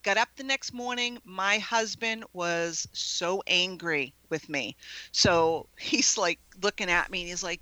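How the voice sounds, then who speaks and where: Lively storytelling woman, bright voice. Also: on the low side, a little slow, no echo, rough recording. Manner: animated, laughs often, acts out quoted voices. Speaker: guest paranormal investigator. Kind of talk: storytelling in a radio interview.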